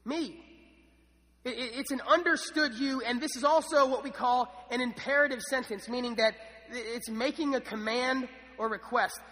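Young male preacher, high bright voice, eager and chatty, church hall reverb. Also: moderate pace. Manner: enthusiastic, many restarts and fillers. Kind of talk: sermon.

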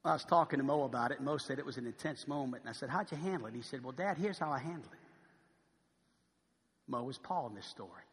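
A middle-aged male pastor preaching a sermon in a conversational style, dropping to quiet asides and then rising to loud, emphatic pleading, often asking the congregation "amen?". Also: mid-range voice, lively intonation, quick pace, big-room sound.

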